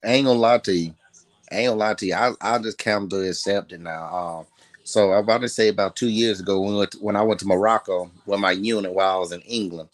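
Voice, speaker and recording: A man's voice: on the low side, steady tone, fast talker, no room sound. Laid-back man telling stories, dry sound. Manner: laid-back storyteller with repeated asides. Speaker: podcast co-host. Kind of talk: casual chat.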